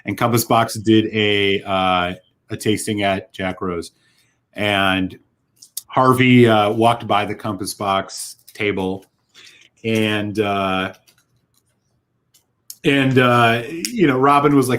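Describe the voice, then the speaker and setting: A man's voice: lowish voice, takes it slowly, a bit bright. A man co-hosting a casual whisky chat, telling a heartfelt, rambling story with lots of fillers. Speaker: whisky podcast co-host.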